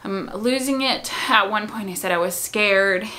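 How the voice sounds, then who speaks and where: Woman, bright forward tone, casual storytelling, chatty and rambling, mid pitch. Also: unhurried. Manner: chatty, with frequent "um" and "like". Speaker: mother telling her birth story.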